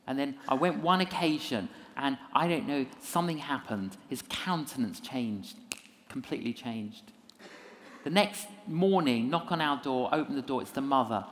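A man's voice: mid-range voice, normal speed, slight background noise. A man, a minister, telling a story in a lecture with self-mocking humor and acted-out voices. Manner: animated storyteller who acts out voices. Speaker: minister and evangelist.

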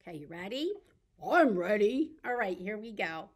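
A woman leading a baby story time as a children's librarian, speaking in a gentle, coaxing way meant for little children. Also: medium pitch, animated, a little fast, breathy edge.

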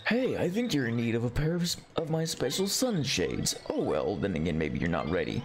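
A streamer voicing a laid-back male sunglasses vendor from a video game, in a lowered, drawling voice. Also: wildly swooping pitch, fairly quick, faint music behind. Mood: teasing.

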